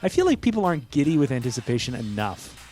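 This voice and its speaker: A man in his thirties hosting a casual podcast in a studio, rambling and joking with quick laughs. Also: mid-range voice, big pitch swings, a little mellow, a little hiss or hum. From Canada. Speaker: podcast host.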